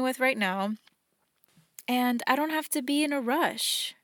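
Her voice sits high and a bit bright, and she speaks a little slowly as she hosts her solo podcast. This young woman is reflective, earnest and encouraging, and she performs the voices in her head. The studio-quality audio carries no room sound.

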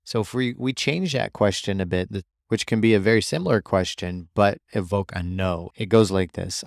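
A man hosting a solo podcast, explaining ideas and reading quotes from a book aloud, sometimes slowing down and deepening his voice on purpose. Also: vocal fry, dry recording, clean studio sound. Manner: deliberately deepens and slows his voice. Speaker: podcast host.

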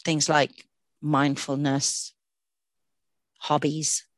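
A woman with a low voice co-hosts a podcast in casual, earnest chat, often restarting her sentences. The sound is dry and close to the mic. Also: level tone, very slow, no echo. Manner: earnest, chatty, many fillers and restarts. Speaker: podcast co-host.

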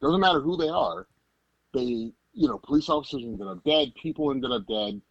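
A man's voice: a little high, expressive, normal speed, dry recording, muffled recording. A man co-hosting a podcast, talking politics in an emphatic, incredulous way. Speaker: podcast co-host. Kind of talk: casual political chat.

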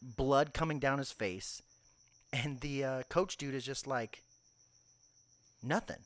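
A man's voice: mid-range voice, slow. A man in a loose podcast chat, spinning a story with lots of energy. He jumps into other people's voices as he retells what they said and swears without a second thought. His voice sits right in the middle of the usual male range. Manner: animated storyteller, acts out quotes, swears freely. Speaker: podcast co-host.

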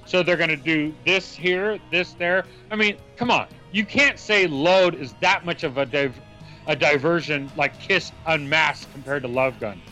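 Casting: male co-host, slightly high, bright voice, laid-back but defensive fan. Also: measured pace, soft background music. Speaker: music podcast co-host. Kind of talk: casual profane chat.

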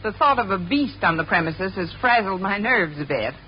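An actress playing a sarcastic, wisecracking woman schoolteacher in a 1950s radio sitcom, quick with quips and a little flustered. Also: mid-range voice, animated, a little hiss or hum, natural voice. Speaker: English teacher. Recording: dull old radio recording with studio audience laughing.

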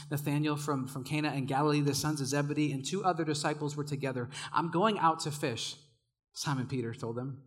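A young male preacher with a high-pitched voice and a bright, forceful edge. He tells casual stories to his congregation with lots of energy and frequent laughter. He shouts when he gets carried away. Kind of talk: sermon.

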